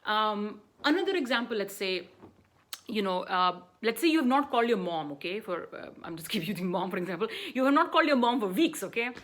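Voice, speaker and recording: A woman's voice: medium pitch, expressive, a little fast. A woman life coach giving an earnest motivational talk, often checking in with "right?" and "you know", sometimes restarting mid-phrase.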